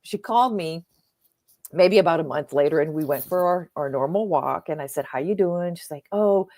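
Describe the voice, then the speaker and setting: A middle-aged woman coach, a podcast guest, telling a personal story in an earnest, animated way and acting out the dialogue. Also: low-pitched, moderate pace. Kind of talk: conversational storytelling.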